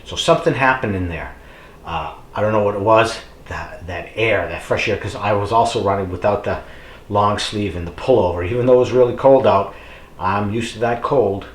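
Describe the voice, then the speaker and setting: A man's voice: on the low side, normal speed, reverberant. A middle-aged man talking casually to camera, rambling with many fillers and urging his viewers on. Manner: encouraging, addresses viewers as folks. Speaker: fitness vlogger. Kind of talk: casual motivational talk to camera.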